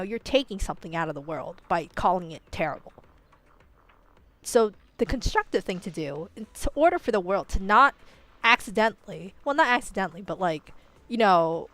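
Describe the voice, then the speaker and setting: A woman's voice: medium pitch, fairly bright tone, no room sound. A young woman ranting casually and playfully, laughing often and filling her talk with "like" and "you know". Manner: playful, slightly profane. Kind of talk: casual rambling commentary.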